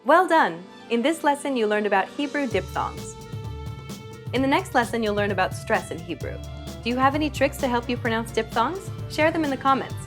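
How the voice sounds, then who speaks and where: A woman presenting a scripted language lesson, with upbeat and clear instructional delivery. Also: fairly high pitch, expressive, a little fast, music in the background. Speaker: language teacher.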